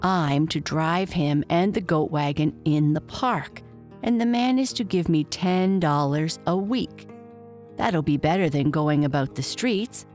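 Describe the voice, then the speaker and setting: A woman's voice: low voice, a little slow, soft background music. A woman voicing a cheerful, hard-working poor boy who talks eagerly. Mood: excited. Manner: eager, excited.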